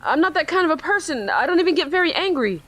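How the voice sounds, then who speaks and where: A woman's voice: very high-pitched, sing-song, fast, fairly bright tone, voice pushed up, heavily acted. A woman voicing a distraught sixteen-year-old boy from a video game, pleading and broken-up as she reads his lines. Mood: remorseful. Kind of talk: reading game dialogue aloud.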